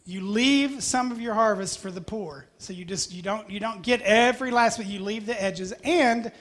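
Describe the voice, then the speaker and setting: A preacher delivers a sermon in a chatty, anecdotal manner. The voice sits at a middle pitch and slips in light humor between points. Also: normal speed, fairly bright tone. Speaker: pastor.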